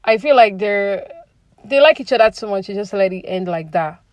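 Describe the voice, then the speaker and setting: A woman's voice: mid-range voice, lively intonation, moderate pace, dry recording. A woman talks through the latest reality TV drama in a loose, chatty way, sprinkling her lines with fillers. Her voice sits in a middle register. It is recorded close and dry. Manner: chatty, opinionated, many fillers like "you know". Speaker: reality TV commentary vlogger. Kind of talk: casual recap commentary.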